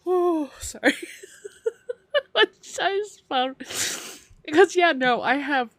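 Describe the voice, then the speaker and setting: A woman's voice: very high voice, dry recording. A woman co-hosting a paranormal podcast in casual chat, laughing through her words as she talks. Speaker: podcast co-host.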